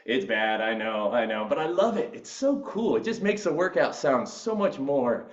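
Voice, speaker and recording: A man's voice: mid-range voice, sing-song, normal speed. A male fitness instructor cueing a live workout class, upbeat and encouraging as he counts down reps. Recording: roomy echo, distant mic, dull sound.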